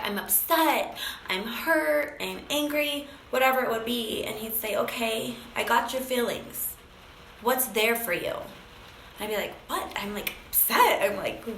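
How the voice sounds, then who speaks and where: A woman's voice: mid-range voice, pushed and bright, reverberant, slight background noise, low-quality recording. A woman sharing an emotional personal story, acting out phone calls with many fillers. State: briefly tearful.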